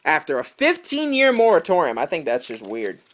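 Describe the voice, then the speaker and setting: Lively, chatty young man. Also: on the high side, fairly quick. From New York. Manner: chatty, jokey asides. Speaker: video collector host. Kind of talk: casual unboxing commentary.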